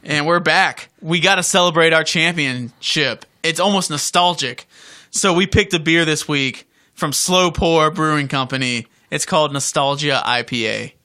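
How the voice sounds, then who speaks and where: Wisecracking man with a bright voice. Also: a little high, moderate pace. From Georgia, USA. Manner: laid-back, wisecracking. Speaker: podcast co-host. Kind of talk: casual chat.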